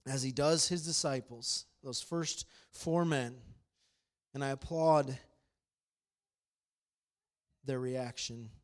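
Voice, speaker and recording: A man preaching a sermon as pastor, swinging between loud, emphatic proclamation and quiet, conversational storytelling. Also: mid-range voice.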